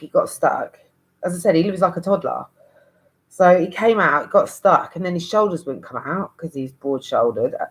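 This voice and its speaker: Low-voiced woman in her 30s, blunt and sweary, rambling to the camera. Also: low-quality recording. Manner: frank, sweary and rambling, with many restarts. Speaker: vlogger. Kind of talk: candid monologue.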